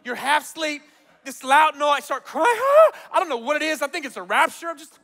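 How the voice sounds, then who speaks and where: A man's voice: very high-pitched, moderate pace. A man preaching a sermon as pastor, telling stories with acted-out quotes and frequent laughter. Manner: animated storytelling, acts out quotes, laughs often. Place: large church auditorium.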